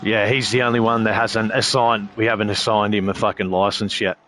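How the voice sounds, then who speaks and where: A man's voice: lowish voice, little pitch movement, a little fast, a bit bright, a little hiss or hum. A laid-back Australian man chatting on a live sim racing stream. He rambles loosely and swears in nearly every line, talking easily to his viewers. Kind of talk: casual live-stream chat.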